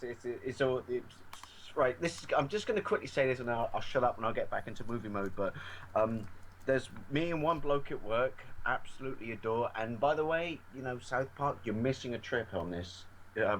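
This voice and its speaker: A man's voice: medium pitch, a little hiss or hum, poor audio. A man, co-hosting a casual podcast chat and teasing the others. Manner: joking, teasing, animated. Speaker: co-host.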